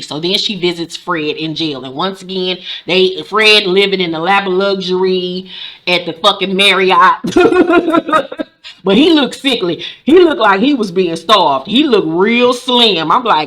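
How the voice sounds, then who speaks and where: A woman recapping a TV episode in casual, profane, sassy commentary, acting out the characters' lines in quick voices. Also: medium pitch, pushed and bright. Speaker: show recap host.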